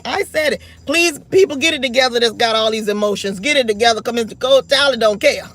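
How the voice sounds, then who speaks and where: A woman's voice: on the high side, fast, fairly bright tone. A woman in her forties talking straight to camera in an unscripted rant, blunt, defiant and emphatic. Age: 40s. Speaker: vlogger.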